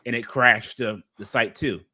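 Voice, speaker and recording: A man's voice: mid-range voice, fairly even intonation, moderate pace, sharp tone. A man chiming in on a casual live chat with matter-of-fact points.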